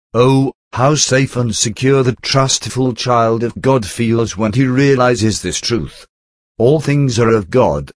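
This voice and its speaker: A man reading a religious essay aloud in a measured, deliberate manner, quoting scripture verses. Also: on the low side, dry recording, clean studio sound. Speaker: reader of a theological essay.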